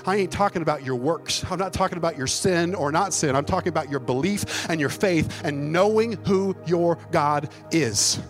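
A man preaching a sermon as a pastor, folksy and emphatic, joking as he goes. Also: high voice. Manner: folksy, emphatic, jokes and laughs mid-preaching.

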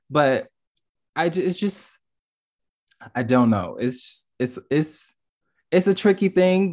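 A man speaking as a podcast guest in a candid, expressive way, swearing freely. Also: a little high. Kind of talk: casual discussion.

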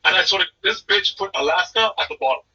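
A man from the northeastern United States rattles on in casual podcast chat, animated, laughing often and checking in with his co-host. His voice is very bright and a little husky, and it comes at a quick clip. The recording is dull and lo-fi, with him sitting back from the mic. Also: high voice. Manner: animated, laughs often, repeats "you know what I mean". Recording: muffled, distant, lo-fi mic.

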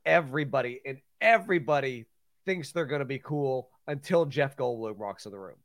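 A man's voice: mid-range voice, normal speed, no echo, studio quality. A man hosting a podcast interview, asking questions in a hesitant way with many "uh"s and repeated words. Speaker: podcast host. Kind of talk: casual interview chat.

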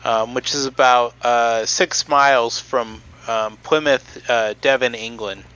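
A man co-hosts a relaxed podcast, walking through a history topic. His voice sounds bright and he pauses on frequent ums as he explains. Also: medium pitch, smooth, dull audio. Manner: hesitant, many ums while explaining. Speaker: podcast co-host presenting the topic. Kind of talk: casual podcast chat.

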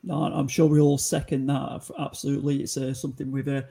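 Gravelly, husky-voiced podcast host man. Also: mid-range voice, flat delivery, fast, warm tone. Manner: wrapping up the show, hesitant fillers. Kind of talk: casual podcast chat.

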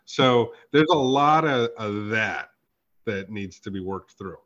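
A man's voice: lowish voice, animated, takes it slowly, a bit bright. Profane storytelling man, lo-fi sound. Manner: profane, storytelling with reenacted dialogue. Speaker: podcast host. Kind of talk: casual chat. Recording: dull lo-fi podcast audio.

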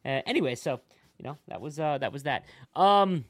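A young man hosting a casual gaming podcast, chatty and quick to react. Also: fairly high pitch, animated, fairly bright tone, dry recording, clean studio sound. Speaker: podcast host. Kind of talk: casual chat.

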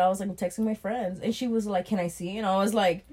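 Speaking quickly in a mid-range, slightly rough voice, a podcast co-host tells about a terrible date. She swears freely and acts out each person's lines.

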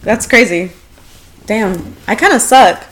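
A woman's voice: medium pitch, animated, slow, a bit bright. Blunt, crude young woman. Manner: blunt, crude, self-mocking, many "like" fillers. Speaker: podcast co-host. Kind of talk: casual storytelling chat.

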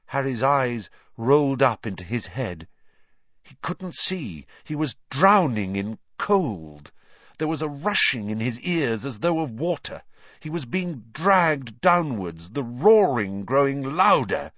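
A man reading an audiobook aloud in a slow, dramatic, expressive way. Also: mid-range voice, no room sound, muffled recording. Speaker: audiobook reader. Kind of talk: audiobook narration.

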